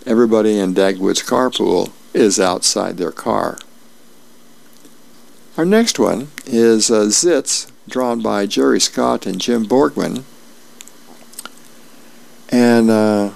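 A middle-aged man volunteering as a reader, reading newspaper comics and celebrity birthdays aloud in a friendly, unhurried way with small asides. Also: fairly low pitch, vocal fry.

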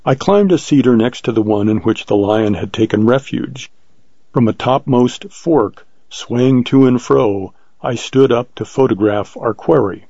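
A man reading a first-person adventure story aloud in a steady, measured way, on a dull lo-fi recording. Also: medium pitch, slightly rough, no room sound. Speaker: audiobook narrator.

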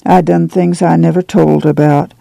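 Man playing a sad farm uncle, guilty, slow, brooding, drawl, gravelly. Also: a little high, level tone, mellow, no echo.

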